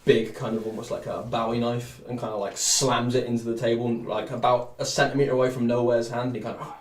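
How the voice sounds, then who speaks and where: A man's voice: mid-range voice, level tone, fast. A man narrating as game master for a tabletop game, rambling loosely with many fillers. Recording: echoey room, distant mic, faint noise.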